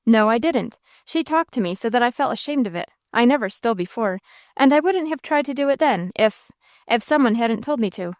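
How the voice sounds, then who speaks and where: Earnest teenage street boy, read by a woman, plain, stubborn, higher voice, dry close sound, audiobook. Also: animated, brisk, no echo, natural voice.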